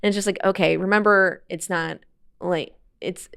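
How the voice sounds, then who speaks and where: A woman's voice: medium pitch, fairly even intonation, moderate pace, vocal fry, fairly bright tone, clear, resonant tone. A young woman talking casually as a podcast guest, chatty and laughing often. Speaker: guest, motorsport streamer. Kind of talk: casual interview chat.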